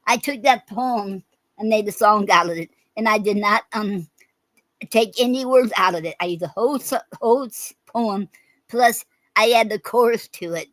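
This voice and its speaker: A woman hosting a poetry show, reading her own poems aloud and talking between them with many pauses and fillers. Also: medium pitch, dry recording, low-quality recording. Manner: halting, many okays and ums between readings.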